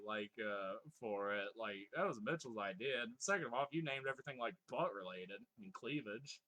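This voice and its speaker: A man's voice: on the low side, animated, a little fast, few pauses, sharp tone. A man casually commenting on his gameplay and reading chat aloud, swearing freely, laughing often and joking in mock exasperation. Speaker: live streamer.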